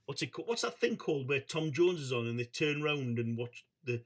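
A man's voice: medium pitch, a little fast, a crowd in the background. A middle-aged man, hosting a call-in radio show and rambling in a chatty, sweary way. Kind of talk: casual call-in chat.

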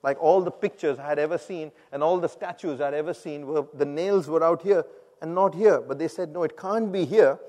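Man with a higher voice in a reverberant hall. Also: brisk. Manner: animated, acts out quoted voices, laughs at himself. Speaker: speaker giving a personal testimony. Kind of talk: storytelling testimony to a congregation.

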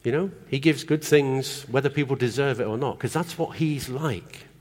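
A man with a mid-range voice preaches a sermon at normal speed in a conversational style, often putting questions to the congregation. He's in a church hall, and the recording carries a long hall reverb.

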